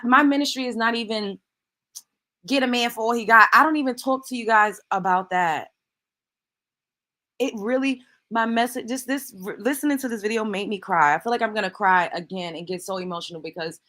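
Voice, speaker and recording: A woman's voice: mid-range voice, fairly bright tone. Emphatic preachy woman commentator. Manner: preachy, emphatic, swears freely. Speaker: commentary host. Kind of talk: reaction commentary.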